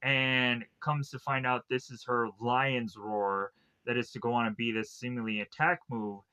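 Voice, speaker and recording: Rambling man with a bright voice. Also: mid-range voice, level tone, moderate pace, clear, resonant tone. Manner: rambling, filler-heavy with constant "like" and "uh". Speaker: film reviewer. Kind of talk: casual spoken plot recap.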